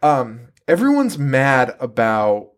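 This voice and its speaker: Casting: lively, foul-mouthed co-host, pitch swinging widely, loose movie-recap banter. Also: slow. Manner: animated, profane, laughing. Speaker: podcast co-host. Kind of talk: casual horror movie chat.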